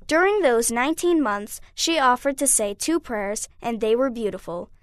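A woman with a high voice reads a child's letter aloud in a clear, plain way. The recording is dry and close. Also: expressive, moderate pace, no room sound. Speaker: reader.

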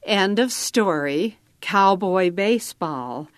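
Slow, calm woman reading a story. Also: mid-range voice, no room sound, studio quality. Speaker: narrator. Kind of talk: scripted narration.

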